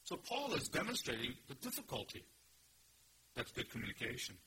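A man preaches an earnest teaching sermon, leaning hard on key words and posing rhetorical questions. His voice is bright and pointed at an ordinary pitch, with a faint hiss of noise underneath. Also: sing-song, brisk, low-quality recording. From Korea. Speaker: pastor. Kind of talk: expository sermon.

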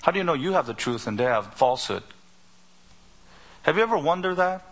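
Preaching as a pastor, a man with a slightly high voice speaks in an animated, brisk manner. He is emphatic and pushes his listeners with a string of repeated rhetorical questions.

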